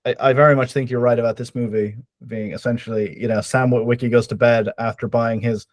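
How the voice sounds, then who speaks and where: Man, podcast co-host, deadpan and ironic, casual, dry sound. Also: medium pitch, brisk, dry recording. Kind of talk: casual chat.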